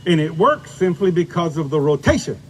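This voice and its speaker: An older man with a somewhat high voice gives a golf lesson outdoors. He talks in a folksy, chatty way and keeps pointing students to what he is demonstrating. Faint noise hums behind him. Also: sing-song, brisk. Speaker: golf instructor.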